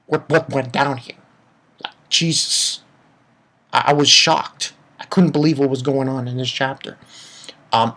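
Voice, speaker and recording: Excited young man rambling a manga review. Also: mid-range voice. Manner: excited, rambling, swears a lot. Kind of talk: casual solo review.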